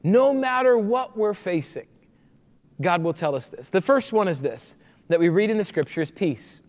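Animated high-voiced pastor preaching in a hall. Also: male voice, normal speed. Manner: animated storytelling, acting out voices of the people. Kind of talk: sermon. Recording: long reverb of a large hall.

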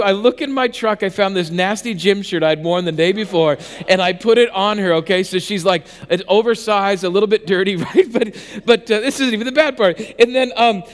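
High-voiced pastor in a reverberant hall. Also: male voice. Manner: self-mocking storyteller, animated and conversational with frequent restarts. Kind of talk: sermon with a comic personal story.

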